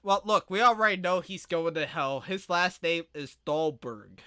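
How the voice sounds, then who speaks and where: A man co-hosting a podcast in casual chat, joking crudely and often breaking into loud mock-shouted impressions. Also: high voice, normal speed, clear, resonant tone. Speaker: podcast co-host.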